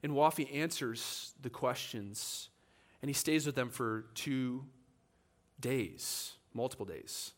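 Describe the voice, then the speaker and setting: A man delivers a church sermon at a slow pace in a medium-pitched voice, telling a lively story and voicing each of its characters himself.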